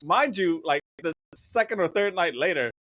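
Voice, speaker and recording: A man's voice: high voice, expressive, moderate pace, a bit bright, no room sound, rough recording. A man on a podcast, telling rambling, raunchy stories in casual chat and laughing often mid-sentence. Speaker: podcast host.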